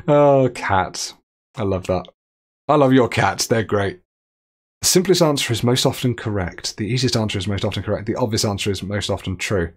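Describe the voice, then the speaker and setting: A man's voice: fairly low pitch, slightly rough. A man streaming a game live, chatting, reading viewer messages aloud and laughing often.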